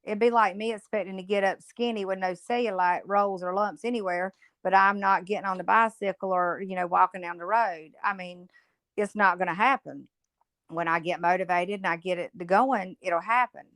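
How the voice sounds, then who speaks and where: Woman, 50s, blunt, outspoken, podcast guest, mid-pitched voice, dry close sound. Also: steady tone, normal speed, a bit bright, no echo. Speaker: podcast guest, motivational speaker. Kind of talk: casual interview chat.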